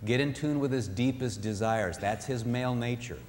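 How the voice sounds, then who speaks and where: A man giving a sermon-style talk on marriage, animated, acting out what spouses say. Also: mid-range voice, normal speed, big-room sound, a little hiss or hum. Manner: animated, acts out spouses' voices. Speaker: marriage speaker.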